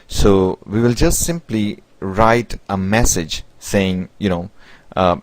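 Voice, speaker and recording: A man's voice: lowish voice, no room sound, rough recording. A man teaching programming in a screen-recorded tutorial, explaining step by step with many fillers and restarts. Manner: halting, with many "basically" and "you know" fillers and restarts. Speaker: programming instructor.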